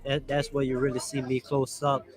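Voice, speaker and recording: A man's voice: medium pitch, completely flat delivery, normal speed. A young man in his twenties, a guest at a live podcast, telling his story in long, meandering answers. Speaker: interview guest, actor. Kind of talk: casual interview answers. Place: live at a church health fair.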